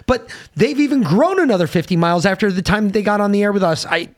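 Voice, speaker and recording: A man's voice: high voice, lively intonation, fast talker. A man from the United States co-hosting a podcast, telling a story in a brash, profane, casual way and mimicking others' voices. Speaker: podcast co-host.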